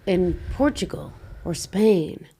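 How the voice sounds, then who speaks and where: Chatty Canadian woman with a low voice. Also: expressive, takes it slowly, gravelly, mellow, husky. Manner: chatty, laughs often, rambling restarts. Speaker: podcast guest. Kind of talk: casual chat.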